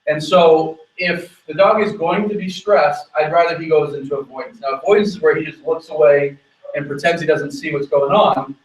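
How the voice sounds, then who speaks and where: A man working as a dog trainer, explaining his method while giving quick commands to a dog during an on-location training demonstration. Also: on the high side, roomy sound, distant mic, lo-fi sound.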